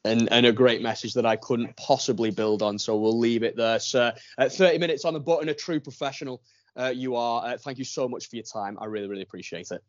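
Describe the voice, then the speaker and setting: A man's voice: mid-range voice, quick pace, no echo, dull audio. A man hosting a casual podcast, chatty and teasing, enthusiastic when praising a guest. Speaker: podcast host.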